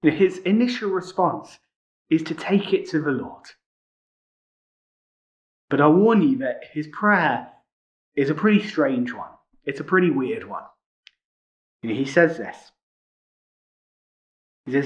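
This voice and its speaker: A man's voice: fairly high pitch, big pitch swings, measured pace, pauses often. A man preaching a sermon in a conversational way, often adding tag questions such as "isn't it?". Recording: muffled lo-fi recording.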